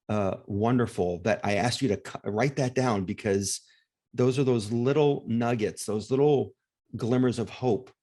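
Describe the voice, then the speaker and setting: A man's voice: on the low side, a little mellow. A man interviewing a guest about grief, speaking in a reflective, encouraging way. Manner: reflective, encouraging, emotional at times. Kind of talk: warm conversational interview.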